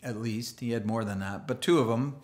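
A pastor preaching a sermon in a church, animated and acting out quoted voices. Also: male voice, mid-range voice, brisk. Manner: animated, acts out quoted voices, laughs often.

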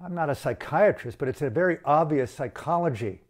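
A man with a somewhat high-pitched voice, ranting with blunt outrage. He talks in a profane, impassioned way, as if addressing leaders directly. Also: expressive, fairly quick. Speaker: activist. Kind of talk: impassioned video rant.

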